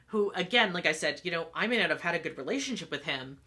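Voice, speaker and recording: Animated, sharp-voiced woman telling a story. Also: on the low side, fast talker, hardly any pauses. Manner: candid, swears freely, animated retelling. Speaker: channel host. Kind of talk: casual storytelling vlog.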